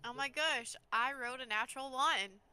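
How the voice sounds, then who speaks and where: A woman's voice: high voice, normal speed, bright, forceful tone, clear, resonant tone. Shy, giggly woman player on voice chat. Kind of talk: casual chat at a tabletop game.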